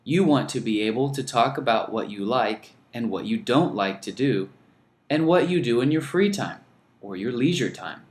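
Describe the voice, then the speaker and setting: A man teaching an English lesson, speaking slowly and deliberately and modelling phrases for learners to repeat. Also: medium pitch, lively intonation, reverberant. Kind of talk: scripted lesson narration.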